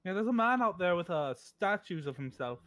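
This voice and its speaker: High-voiced man playing a tabletop game. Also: sing-song, a little fast, a bit bright, dry recording. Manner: chatty and hesitant, many fillers. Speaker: player. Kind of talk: in-character role-play at a tabletop game.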